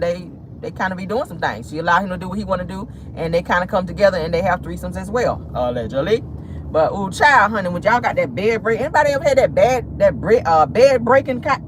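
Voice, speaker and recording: A host giving casual, sassy celebrity gossip commentary to viewers, full of exclamations and dramatic swings in pitch. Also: expressive, fast talker, noisy background. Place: in a car.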